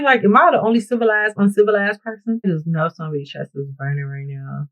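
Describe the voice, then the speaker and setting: A woman vlogger chatting casually to her viewers while getting ready, telling stories in a playful, animated way and often asking if they know what she's saying. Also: medium pitch, fast talker, hardly any pauses, low-quality recording. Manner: playful, animated storytelling with frequent laughs. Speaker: beauty vlogger. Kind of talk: get-ready-with-me casual chat.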